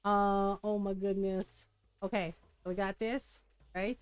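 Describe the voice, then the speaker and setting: A video game streamer talks slowly in a medium-pitched, smooth voice with a level tone, and the recording is dry. She chats casually and rambles, giggling often as she goes.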